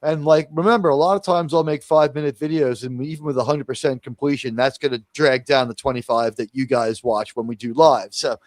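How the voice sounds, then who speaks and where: A man running a live review stream speaks a little fast, with few pauses and fairly even intonation, in a medium-pitched voice. Casual and rambling, he restarts constantly, fills gaps with fillers, and imitates others in mocking voices. The recording is dry and studio quality.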